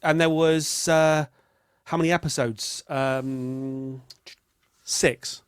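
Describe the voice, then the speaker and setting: A man's voice: a little high, fairly even intonation, slow, clean tone, no room sound. Chatty man, dry close sound. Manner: chatty, rambling, self-interrupting. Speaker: podcast co-host. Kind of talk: casual comedic chat.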